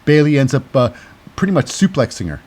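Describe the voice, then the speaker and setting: A man's voice: medium pitch, big pitch swings, fairly quick, darkish tone, slightly rough. A man hosting a casual wrestling recap, rambling and cynical and full of fillers. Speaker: host.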